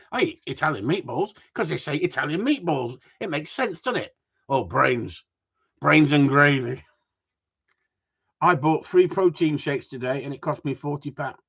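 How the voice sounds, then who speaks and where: A man rambles and jokes to his viewers, swearing casually as he goes. His voice is husky and a little rough. The sound is dull and lo-fi. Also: a little high, a bit bright. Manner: rambling, swears, jokey banter. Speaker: livestream host. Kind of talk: casual chat to a live audience.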